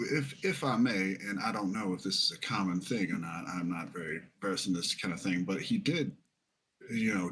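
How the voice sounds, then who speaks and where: A man's voice: low voice, a bit bright, husky, heavily acted. A man voicing a polite, timid young traveler who stammers and hedges everything. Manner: stammering, hesitant, overly polite.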